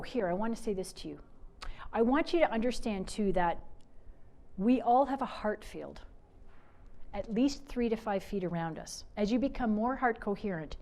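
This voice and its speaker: A middle-aged woman from Canada giving a motivational talk, telling stories with animated swings from loud to soft. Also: mid-range voice. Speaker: speaker.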